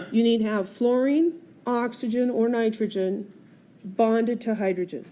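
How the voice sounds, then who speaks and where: Mellow-voiced woman teaching chemistry. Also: a little high, steady tone, unhurried, a little hiss or hum. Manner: explains step by step, asks the class questions. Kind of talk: screencast lecture. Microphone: tablet screencast recording.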